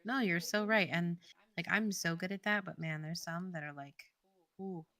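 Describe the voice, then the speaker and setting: A woman's voice: lowish voice, fairly even intonation, normal speed, a bit bright, dry recording. A young adult woman co-hosting a casual stream, chatty and giggly, often saying "like". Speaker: co-host of game development stream. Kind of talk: casual chat.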